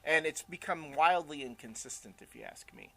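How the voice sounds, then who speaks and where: A man's voice: fairly high pitch, wildly swooping pitch, moderate pace, creaky, a bit bright. A man co-hosting a casual chat show, opinionated and rambling, with lots of fillers. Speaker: co-host.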